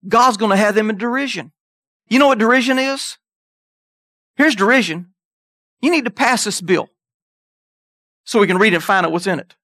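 A preacher gives an animated sermon, reading scripture and jumping up into high voices to make his point. His voice is bright and forceful. The recording is dry and close. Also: brisk, long pauses, no echo. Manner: animated, jumps into high voices, scripture in King James wording.

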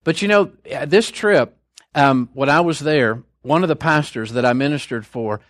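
A man's voice: a little high, moderate pace, fairly bright tone, no echo, studio quality. An older man preaching a sermon in a conversational, storytelling way, with folksy asides between scripture points.

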